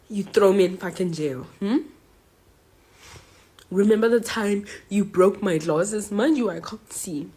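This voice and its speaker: A woman's voice: medium pitch, a little slow, darkish tone, husky. A young woman student from South Africa venting angrily online and confronting her mother directly. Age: young adult. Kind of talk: emotional social media rant.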